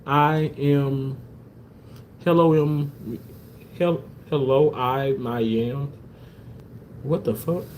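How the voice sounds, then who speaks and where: Slow rambling comic ranter, swearing, recorded distant in an echoey room. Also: medium pitch, slight background noise. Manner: joking, mock-tearful theatrics; swears freely. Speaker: livestreamer. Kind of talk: comedic livestream rant. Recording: roomy, distant from the mic.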